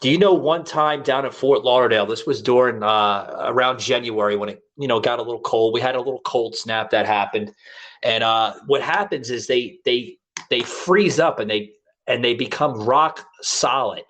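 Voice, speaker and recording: Middle-aged male podcast host, casual and rambling storyteller, medium pitch. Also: moderate pace, fairly bright tone. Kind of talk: casual chat.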